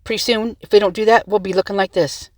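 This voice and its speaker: A woman's voice: mid-range voice, fairly even intonation, quick pace, a little mellow, dry recording. A woman hosting her own video channel, delivering a heated commentary rant into her tablet's microphone and firing rhetorical questions at her viewers. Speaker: vlog host. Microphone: tablet microphone, close to screen.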